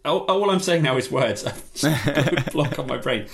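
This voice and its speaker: A man's voice: fairly high pitch, moderate pace, creaky, slight background noise. A man talking as a podcast guest, ranting in a casual chat. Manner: animated, exasperated rants.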